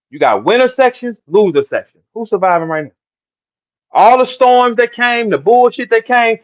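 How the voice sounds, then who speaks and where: A man's voice: high voice, highs cut off. A middle-aged man with a St. ranting on a livestream, preachy and profane, lecturing his listeners. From St. Louis, Midwest US. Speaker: battle rapper ranting to listeners. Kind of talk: heated livestream rant.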